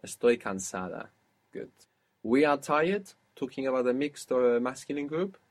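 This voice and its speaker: A man's voice: medium pitch, lively intonation, moderate pace. A man teaching a spoken language lesson, patiently explaining grammar step by step and quizzing his student.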